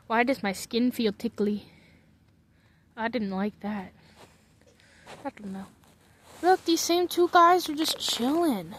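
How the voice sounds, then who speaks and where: A woman idly rambling to herself from her bunk bed in her bedroom, drifting from one thought to the next as she talks. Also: sits high. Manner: muses aloud to herself, drifts between thoughts. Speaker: vlogger. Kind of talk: casual rambling commentary.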